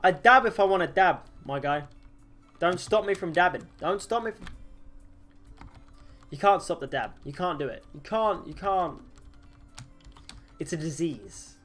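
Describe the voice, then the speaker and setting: A man's voice: high-pitched, expressive, unhurried, pauses often, fairly bright tone, faint music behind. A young man chatting casually on a game livestream, self-mocking and joking, often breaking into laughs. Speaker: streamer.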